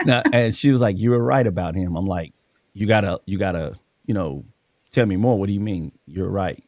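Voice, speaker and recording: A man's voice: sits low, brisk, vocal fry, a little mellow, no room sound. A man hosting a casual conversation, telling stories from his work as a coach and acting out the dialogue. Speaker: podcast host and school coach.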